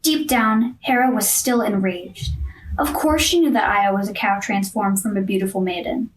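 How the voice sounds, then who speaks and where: A woman narrating a myth for a class play, in steady storytelling narration. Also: medium pitch, normal speed, distant mic, a little hiss or hum, low-quality recording.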